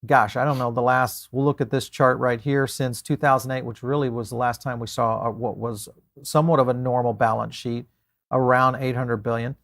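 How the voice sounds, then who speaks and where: Man, interview host, gravelly voice, rambling, hesitant questions. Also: mid-range voice, steady tone, moderate pace, fairly bright tone.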